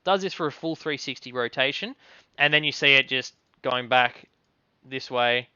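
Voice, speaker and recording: A man narrating a tabletop game as game master, relaxed and halting, with many fillers. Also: medium pitch, clear, resonant tone, dry recording, highs cut off.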